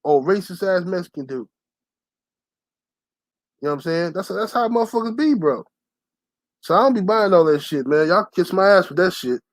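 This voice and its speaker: A young man ranting to his channel's viewers, telling a story in a loud, profane, heated way and shouting the lines he quotes. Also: high-pitched, expressive, normal speed, pauses often, no room sound. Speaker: channel host. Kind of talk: profane storytelling rant to camera.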